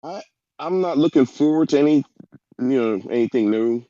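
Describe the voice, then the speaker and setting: Man, podcast guest, emphatic, dark mellow voice, dull lo-fi sound. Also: mid-range voice, expressive, normal speed, no echo. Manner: emphatic, rambling. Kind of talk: casual podcast chat. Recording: dull dry lo-fi mic.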